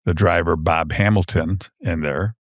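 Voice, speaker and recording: Deep-voiced man telling a rambling story. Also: fairly even intonation, unhurried, no room sound, studio quality. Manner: rambling storyteller, many restarts and fillers. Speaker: author guest. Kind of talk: casual podcast chat. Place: podcast studio.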